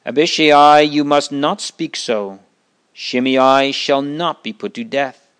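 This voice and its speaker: A man's voice: mid-range voice, slow, fairly bright tone, smooth. A man voicing an impatient king of old who speaks sharply and cuts others off in a Bible story. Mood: stern.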